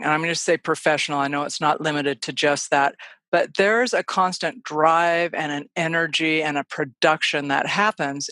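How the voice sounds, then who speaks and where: A woman's voice: low-pitched, dry recording. A woman hosting a podcast, chatting casually and thinking aloud as she asks questions. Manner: warm, laughing, thinking aloud. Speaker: podcast host. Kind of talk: casual interview chat.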